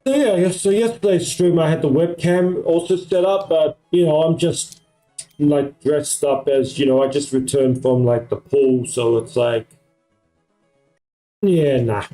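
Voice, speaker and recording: Rambling streamer man, mellow voice. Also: a little high, measured pace, soft background music, rough recording. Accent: American-sounding. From Australia. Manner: rambling, many fillers. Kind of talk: casual live-stream chat. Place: home at night.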